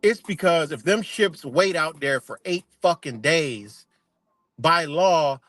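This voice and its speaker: A man's voice: a little high, animated, takes it slowly, a bit bright, no echo. A man hosting a livestream, ranting casually in a profane, rambling way with many restarts. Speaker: livestream host.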